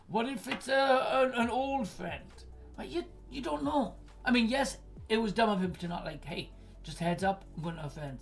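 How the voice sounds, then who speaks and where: Brief: woman, forties, mid-pitched, streamer advice host, blunt and profane, faint music behind. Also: gravelly. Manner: blunt, swears a lot, rants.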